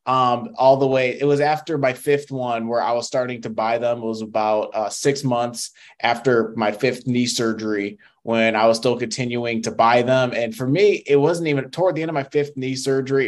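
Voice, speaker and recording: A man's voice: medium pitch, normal speed. A young man telling his recovery and faith story as an interview guest, earnest and emotional, with frequent fillers. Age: young adult. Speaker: podcast guest. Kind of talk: testimony in casual interview.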